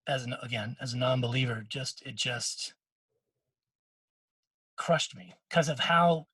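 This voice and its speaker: A middle-aged man talks on a podcast with a husky, slightly breathy voice at an ordinary pitch. He tells a heartfelt story in loose, restarting sentences and slips briefly into other people's words. The sound is close and dry, with no room around it. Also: a little slow, a bit bright, dry recording. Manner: emotional storytelling with many restarts; quotes others in short bursts. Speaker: podcast co-host. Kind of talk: casual podcast chat.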